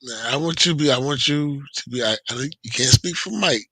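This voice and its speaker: A man's voice: mid-range voice, fairly quick, sharp tone, slightly rough, no echo. A man hosting a casual talk stream, questioning his guest with incredulous, repeated, profane questions. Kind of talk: casual chat.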